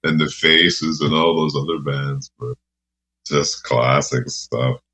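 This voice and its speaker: Slow, very deep-voiced man. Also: fairly even intonation, sharp tone. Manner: laughing, rambling anecdotes, says "eh". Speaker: radio host guest. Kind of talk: casual storytelling.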